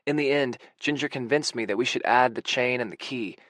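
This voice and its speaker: A man narrating a first-person romance audiobook in a quiet, intimate way. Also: mid-range voice, a little fast, no room sound.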